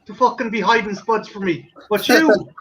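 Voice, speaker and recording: High-voiced Irishman, swearing, rambling. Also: moderate pace, a bit bright, poor audio. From Ireland. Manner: swears often, rambling and joking. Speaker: stream host. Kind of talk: casual chat.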